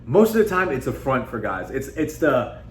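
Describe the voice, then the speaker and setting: A man's voice: medium pitch, very animated, moderate pace. A man hosting a casual motivational talk, speaking conversationally and emphatically and often calling his viewers "guys". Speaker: self-improvement video host. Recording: echoey room with faint background noise.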